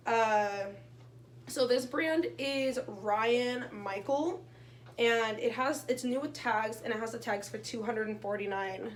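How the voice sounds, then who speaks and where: A woman's voice: on the high side, a little hiss or hum. A young woman chatting casually in a resale haul vlog, telling a story and acting out what people said. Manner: chatty, animated quoting with voices. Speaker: reseller vlogger.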